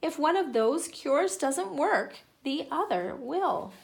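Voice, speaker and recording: A woman's voice: sits high, very animated, takes it slowly, creaky, voice pushed up, full character voice. A woman voicing a cheerful, reassuring grandmother in a storybook read-aloud. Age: older.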